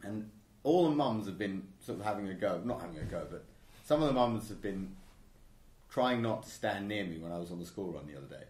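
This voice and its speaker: A man's voice: fairly low pitch, lively intonation, a little fast, darkish tone, slight background noise. A man hosting a live stream show, joking, rambling and teasing his guests. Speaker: show host. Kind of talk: casual live-stream chat. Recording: echoey room.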